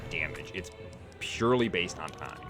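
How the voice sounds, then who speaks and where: Let's play host, male, lowish voice, offhand and rambling, game music underneath. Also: animated, moderate pace. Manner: rambling, offhand, swears casually. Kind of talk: casual gameplay commentary.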